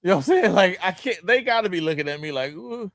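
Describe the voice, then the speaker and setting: A man, a sports columnist telling a story in casual chat, animated and laughing as he acts out quotes. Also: sits high, rapid-fire, no room sound.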